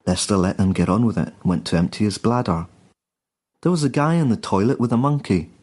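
A man reading a dark comic story in a dry, deadpan way. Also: fairly low pitch, fairly quick, husky. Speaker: narrator.

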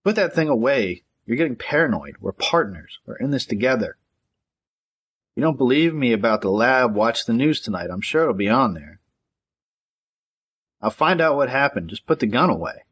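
A man's voice: medium pitch, big pitch swings, moderate pace, a bit bright, breathy edge. A man voicing a hardened male drug dealer who speaks in curt, profane commands. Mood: tense.

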